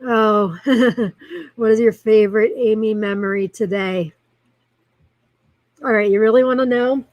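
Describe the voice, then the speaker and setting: A woman's voice: a little high, fairly even intonation, measured pace, a little mellow, dry recording, dull audio. A woman hosting a live-streamed show, chatting casually in a rambling way and reacting to viewer comments as she reads them aloud.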